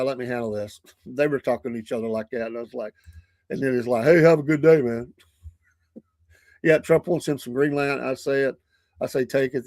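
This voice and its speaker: A man's voice: medium pitch, no room sound. A man in the middle of his range runs a casual morning talk show, drifting from story to story and laughing at his own asides. The sound is close and dry, with no room around it, as if he is in a small home studio. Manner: rambling, chuckling often, retells stories.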